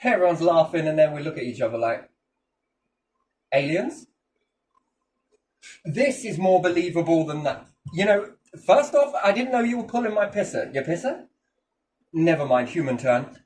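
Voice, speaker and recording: Animated, profane podcast talker. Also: mid-range voice, fairly quick. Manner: animated, profane, jumps into funny voices. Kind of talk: casual chat. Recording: distant mic, faint background noise.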